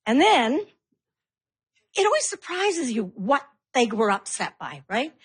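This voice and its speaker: A middle-aged woman performing a stand-up comedy routine, acting out her kids and herself in sudden high voices. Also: big pitch swings, unhurried, husky.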